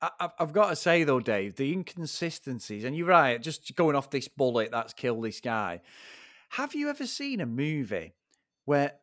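A man's voice: mid-range voice, very animated, normal speed, fairly bright tone, no room sound, studio quality. A man co-hosting a casual film review podcast, ranting and swearing as he picks the film apart. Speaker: podcast co-host.

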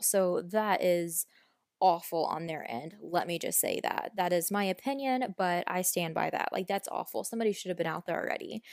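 A woman's voice: lowish voice, no echo, studio quality. A woman hosting a true crime podcast, retelling a case in a chatty, frank and opinionated way, with the odd mild swear. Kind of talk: casual true crime storytelling. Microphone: podcast microphone.

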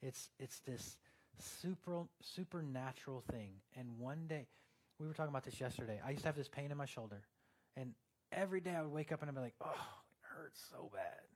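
A man's voice: mid-range voice, a little fast, a little mellow. A male pastor preaching a sermon in a conversational way, turning earnest and emphatic, with joking asides to the congregation.

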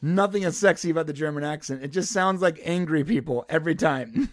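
A man's voice: a little high, fairly quick, no room sound, studio quality. A man co-hosting a podcast, joking around in casual banter and laughing often. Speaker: podcast co-host.

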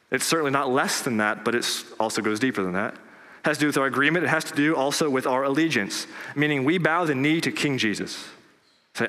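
A male pastor preaching a sermon in earnest, rising for emphasis and dropping low on key words. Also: pushed and bright. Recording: long reverb of a large hall.

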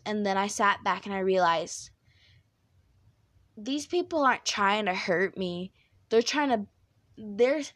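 A young woman hosting a podcast, talking candidly in a rambling monologue with a high-pitched, squeaky voice. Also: fairly bright tone, dry recording. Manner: candid, rambling with fillers and restarts. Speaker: podcast host.

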